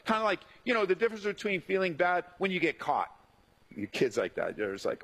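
A husky middle-aged man preaches with a lively, up-and-down delivery. He sits a little high in his register and slips into the voices of the people he quotes as he goes. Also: moderate pace, rough recording. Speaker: pastor. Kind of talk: sermon.

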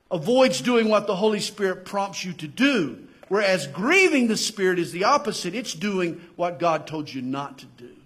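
A male pastor with a Southern US accent, preaching a sermon with passion that swells to near-shouts. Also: fairly high pitch, slightly rough.

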